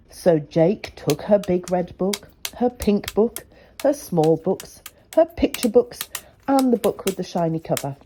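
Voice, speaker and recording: A woman reading a children's picture book aloud, expressive and chatty with asides. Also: low-pitched, measured pace, a little hiss or hum. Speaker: storyteller.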